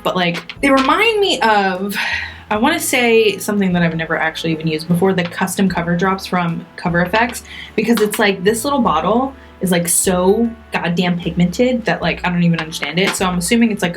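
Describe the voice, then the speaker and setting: A woman's voice: mid-range voice, brisk, soft background music. A young woman chatting casually through a makeup tutorial, self-mocking and talking straight to her viewers. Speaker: beauty vlogger.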